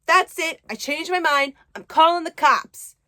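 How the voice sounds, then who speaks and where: Woman doing a snarky young woman, high-ish voice, sarcastic, swears a lot. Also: lively intonation, normal speed, fairly bright tone. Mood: indignant. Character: snarky fiery young woman, sharp-tongued. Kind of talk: book summary with acted quotes.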